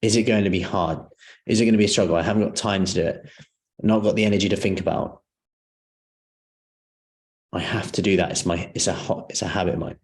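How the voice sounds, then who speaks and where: A man's voice: sits low, fairly even intonation, fairly quick, long pauses. A man leading a live seminar as a personal trainer, talking conversationally and often asking the audience questions.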